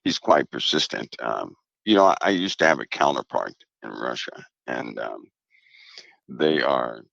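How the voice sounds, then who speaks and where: A man talking as a guest on a show, steady and emphatic, repeating his main points. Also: extremely low pitch, unhurried, gravelly, no echo, lo-fi sound. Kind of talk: casual talk on a show.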